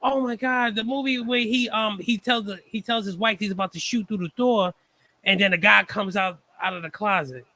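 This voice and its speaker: A man in his forties chatting casually, excitable and slangy. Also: high-pitched, moderate pace, no echo, rough recording. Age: 40s. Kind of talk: casual chat.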